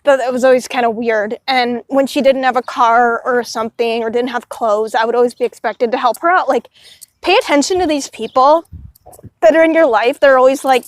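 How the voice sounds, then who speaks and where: A woman with a high voice talks through a long personal story in a loose, rambling way and keeps dropping in "you know" asides. The sound is dry and close, with no room echo. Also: steady tone, brisk. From Illinois, United States. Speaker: vlogger. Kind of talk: casual storytelling monologue.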